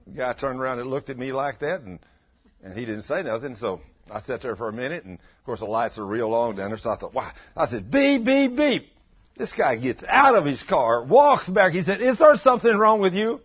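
An older man with a drawl delivers a homespun sermon, spinning stories and bursting into loud acted-out quotes. His voice is husky. The recording is dull and lo-fi. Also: medium pitch, lively intonation, brisk. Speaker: preacher. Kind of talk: folksy sermon with storytelling. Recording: dull lo-fi sound.

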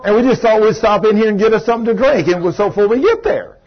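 Middle-aged preacher, husky and fairly high-voiced, folksy animated sermon storytelling, dull lo-fi recording. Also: male voice, fast talker. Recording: dull lo-fi sound.

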